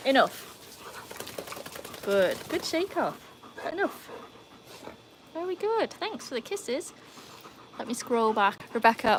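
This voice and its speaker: A woman's voice: a little high, noisy background. A woman, chatting casually on a live stream, laughing often and greeting viewers by name. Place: outdoors by a pool with dogs. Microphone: handheld phone.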